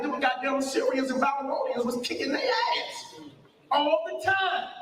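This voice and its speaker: A man in a heated online debate, ranting with passion and frequent swearing as he argues his point. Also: very high voice. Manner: impassioned, profane ranting. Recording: echoey, distant from the mic.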